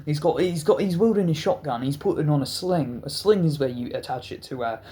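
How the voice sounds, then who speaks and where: Hosting a storytime vlog, a man with a fairly high voice tells a wild story a little fast. He stutters often, curses freely, and keeps the storytelling animated.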